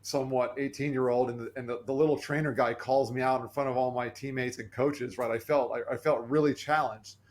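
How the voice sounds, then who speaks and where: An earnest male podcast guest recounts a personal story with animated energy. He slips into the voices of the people he quotes. His voice sits at an ordinary middle pitch for a man. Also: brisk, few pauses.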